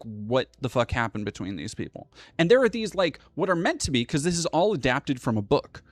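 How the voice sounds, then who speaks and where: On a casual livestream chat, a young man with a fairly bright, higher-pitched voice goes on a rambling rant full of swearing. The audio is close and dry without echo, with faint music playing beneath him.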